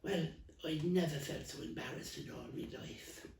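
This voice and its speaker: Male actor as a gabby old Dublin stall lady, smoker's rasp, dark tone, distant roomy mic. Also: a little high, moderate pace, a little hiss or hum. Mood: gossipy. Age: older. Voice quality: gravelly, coughing heavy smoker. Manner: rambling, stumbling storyteller with many restarts. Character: elderly Dublin woman market stall trader, chatty, rambling. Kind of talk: comic character monologue.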